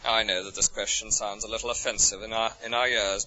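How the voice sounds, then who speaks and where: A man with an English accent preaching a sermon, full of rhetorical questions, his voice soaring high and then dropping to a hush. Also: fast talker. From England. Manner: expressive, rhetorical questions, swings from soaring to hushed. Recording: dull lo-fi recording.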